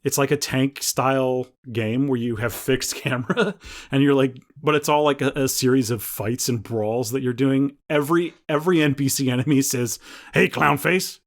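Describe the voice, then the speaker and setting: A man's voice: mid-range voice, normal speed. Rambling man on a podcast. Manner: rambling, restarts often. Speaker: podcast co-host. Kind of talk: casual chat.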